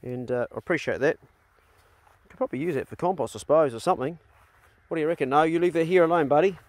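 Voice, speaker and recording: A middle-aged man with a New Zealand accent talking in a casual family vlog on his rural land, blunt and easygoing, calling loudly to his dogs. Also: on the high side, fast, no echo. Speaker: vlogger. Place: outdoors on a rural property.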